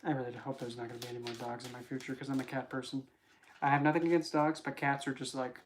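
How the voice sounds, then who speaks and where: A casual tarot vlogger with a mid-pitched voice who rambles through readings. The delivery is chatty and full of jokes and self-corrections. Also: little pitch movement, quick pace, a little hiss or hum. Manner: rambling, joking, self-interrupting. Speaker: tarot reader.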